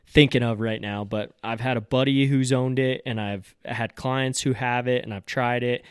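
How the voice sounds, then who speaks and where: A fishing guide hosting his podcast, telling a casual story and acting out his own excited and let-down reactions. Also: mid-range voice, normal speed, smooth, dry recording, studio quality. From Colorado.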